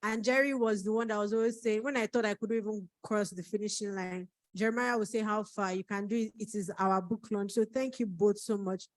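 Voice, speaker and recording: A woman's voice: medium pitch, fairly even intonation, fairly quick, few pauses, no room sound, poor audio. Tearful woman giving thank-you speech. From Nigeria. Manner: tearful, holding back crying. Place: book launch event.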